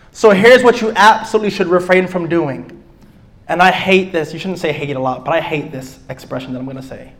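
Man, high voice, preachy teaching, emphatic, stretched-out repeated lines. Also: a little fast. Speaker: pastor teaching a relationship class. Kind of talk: sermon-style teaching.

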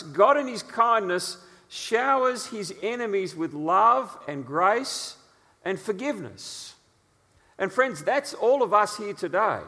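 A man preaching a sermon, telling stories in an animated way, with his voice sitting on the higher side. His words carry the long reverb of a big hall. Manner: animated storytelling with frequent uh fillers.

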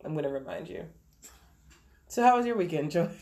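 A woman's voice: on the low side, lively intonation, a little fast, vocal fry, warm tone. A woman in her thirties, a podcast co-host, telling a story in casual chat, acting out quotes and laughing often.

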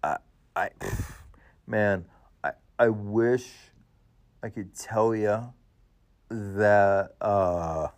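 Slow, halting emotional man. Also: lowish voice. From United States. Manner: halting, many fillers and restarts. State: emotional, voice rising and choking. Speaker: show host. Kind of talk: emotional personal tribute.

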